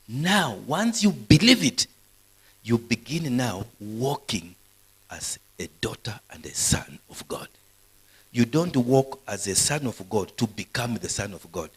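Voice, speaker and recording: A middle-aged man preaching a live sermon at a university, animated, swinging between loud bursts and soft asides. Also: medium pitch, slightly rough, low-quality recording. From Kenya. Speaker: pastor. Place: university hall, live service.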